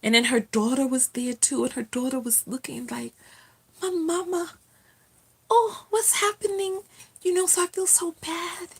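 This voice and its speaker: A woman's voice: high voice, moderate pace, creaky, few pauses, husky. A woman hosting a casual live stream from home, chatting with viewers, reading their comments aloud and laughing often.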